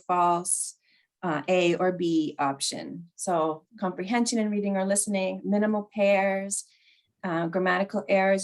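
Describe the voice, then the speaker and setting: A woman teacher leads a workshop presentation. She talks in an upbeat way and laughs easily. Her voice sits at a middle pitch.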